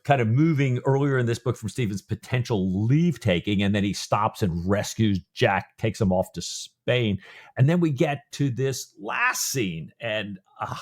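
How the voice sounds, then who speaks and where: A man co-hosting a book-discussion podcast with a fairly low voice. He talks casually, with frequent restarts, and plays out his own reactions to the plot as he goes. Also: lively intonation, measured pace. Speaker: podcast co-host.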